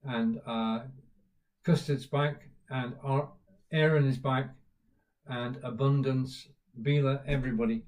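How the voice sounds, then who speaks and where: Host, male, British accent, casual rambling live-stream chat, fillers, medium pitch. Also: steady tone, takes it slowly, a little mellow. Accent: British English. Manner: chatty, greets viewers by name, lots of uh fillers. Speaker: livestream host.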